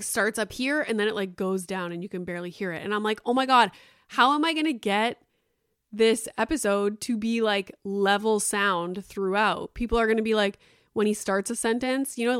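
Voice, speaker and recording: A woman in her thirties hosts her own podcast and rambles through casual chat, full of fillers and the odd curse word. Her voice is smooth and clear at a middle pitch. It is recorded close and dry, with no room sound. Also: dry recording. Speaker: podcast host.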